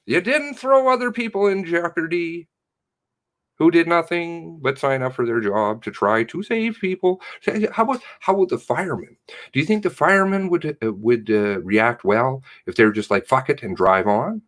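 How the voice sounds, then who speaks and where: A man's voice: medium pitch, lively intonation, normal speed, fairly bright tone. A man giving rambling, profane commentary while reading through material, muttering to himself and then flaring up. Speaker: independent online investigator.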